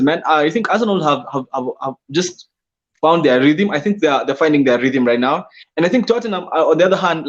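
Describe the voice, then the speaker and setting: A man talking as a fantasy football pundit, excitable and often repeating words as he argues his point. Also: on the high side, muffled recording. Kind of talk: casual panel chat.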